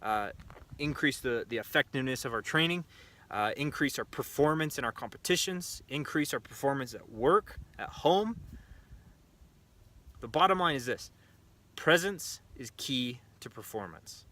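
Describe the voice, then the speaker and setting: Bright-voiced man chatting casually. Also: mid-range voice, expressive, moderate pace. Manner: conversational, many fillers and restarts. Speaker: shooting coach and show host. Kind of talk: casual talk to camera. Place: outdoor pistol range.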